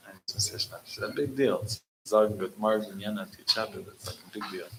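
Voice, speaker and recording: A man speaking as a rabbi at a gathering, telling a story and mixing Yiddish into his English, animated when he quotes. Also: on the low side, brisk, background noise.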